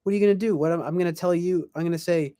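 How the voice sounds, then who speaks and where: Rambling man with a fairly high voice. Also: racing, mellow, smooth, no echo, studio quality. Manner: rambling, hesitant, many fillers and restarts. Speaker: podcast host. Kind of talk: casual rambling commentary.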